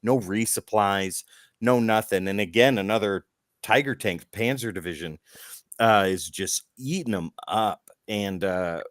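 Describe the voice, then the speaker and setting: A man's voice: on the low side, unhurried, dry recording, studio quality. A man co-hosting a casual comic-book podcast, retelling scenes with acted quotes and the occasional swear. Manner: animated storytelling, acts out quotes, swears. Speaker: podcast co-host.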